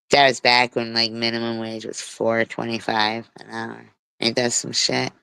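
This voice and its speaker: A woman's voice: extremely low pitch, little pitch movement, moderate pace, creaky, a bit bright, clear, resonant tone, dry recording. Blunt, foul-mouthed woman. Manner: blunt, heavy swearing, storytelling. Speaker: livestream host. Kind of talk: casual livestream chat.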